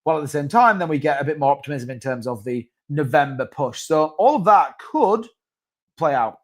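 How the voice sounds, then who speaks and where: A man's voice: a little high, expressive, normal speed. A man hosting a crypto livestream, talking casually and rambling with restarts and asides. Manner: rambling, chatty, with many restarts and asides to chat. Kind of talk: casual live-stream market commentary.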